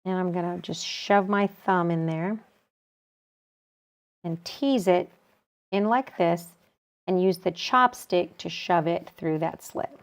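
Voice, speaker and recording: A woman calmly explaining a quilting technique step by step as she works with her hands. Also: lowish voice, slow pace, long pauses. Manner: calm, practical, talks while working with her hands. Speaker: quilting instructor. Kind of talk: step-by-step sewing tutorial.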